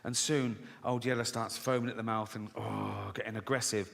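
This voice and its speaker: This comedian's voice sits on the low side, a bit bright with vocal fry, holding a steady tone at a moderate pace. Performing stand-up in a theater, he spins profane, sardonic stories and voices the characters himself. Laughter from the audience fills a large, echoing hall, captured live with faint noise.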